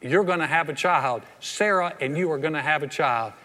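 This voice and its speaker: Older pastor, folksy chatty sermon, bit high voice, long church hall echo. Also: male voice, normal speed, bright, forceful tone. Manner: folksy, conversational preaching with playful asides.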